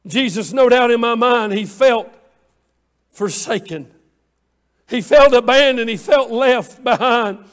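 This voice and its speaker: A man preaching a sermon with passion, repeating phrases in cadence and swinging between hushed pleas and shouts, in a church room. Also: very high voice, slow, long pauses, clear, resonant tone. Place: church room with online viewers.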